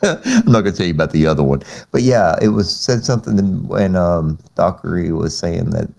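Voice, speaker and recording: A man's voice: low voice, lively intonation, normal speed, creaky, a little mellow. A man hosting a podcast in loose, chatty talk, with restarts and laughs along the way. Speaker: podcast host. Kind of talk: casual podcast chat.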